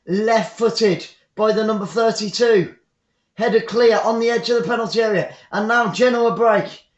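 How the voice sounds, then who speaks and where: English male fan commentator, high-pitched, chatty, dull roomy home recording. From England. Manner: chatty, repeats phrases, bursts of excitement. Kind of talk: live football commentary.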